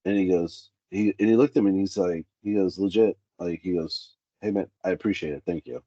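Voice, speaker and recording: A man's voice: sits low, fairly quick, no room sound, dull audio. A man in a candid interview, a safety specialist who tells workplace stories and acts out the dialogue. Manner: animated, acts out quoted dialogue.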